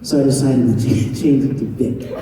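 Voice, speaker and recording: A man's voice: medium pitch, steady tone, moderate pace. A man, a voice actor, chatting playfully and teasing the crowd at a convention Q&A, laughing often. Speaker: voice actor guest at a fan convention Q&A. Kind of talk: casual convention Q&A. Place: large convention hall. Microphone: handheld phone camera from the audience. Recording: echoey convention hall from far off.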